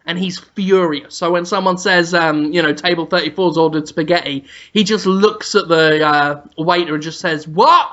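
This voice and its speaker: A man's voice: a little high, normal speed, few pauses. A man telling an absurd, vulgar comic story as a podcast co-host. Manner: animated, vulgar, deadpan absurd. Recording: dull lo-fi audio.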